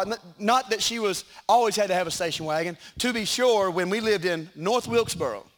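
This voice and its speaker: High-voiced preacher man. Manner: animated preaching, shouting peaks, joking asides. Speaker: pastor. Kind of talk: sermon. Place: church sanctuary.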